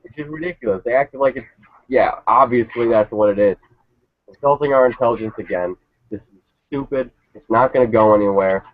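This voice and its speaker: A man's voice: medium pitch, a little fast, dry recording. Guy ranting and swearing, sarcastic, tinny phone-line sound, dry. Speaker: panelist. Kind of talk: casual panel review.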